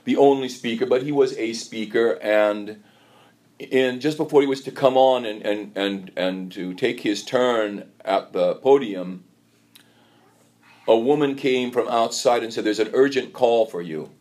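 A man giving a sermon in a church, telling a story in a halting way and often repeating words. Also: medium pitch, a little mellow.

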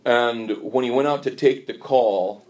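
A man giving a sermon in a church, telling a story in a halting way and often repeating words. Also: medium pitch, darkish tone.

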